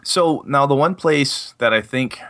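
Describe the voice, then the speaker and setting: A man's voice: medium pitch, measured pace, creaky, a bit bright. A man hosting a casual tabletop gaming podcast, rambling and correcting himself as he talks, with casual swearing. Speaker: podcast host and game master.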